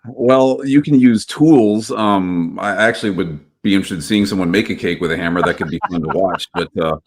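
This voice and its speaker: A man speaking as an expert guest on an online panel, relaxed and wry over a video call. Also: low voice, brisk. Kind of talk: casual panel discussion.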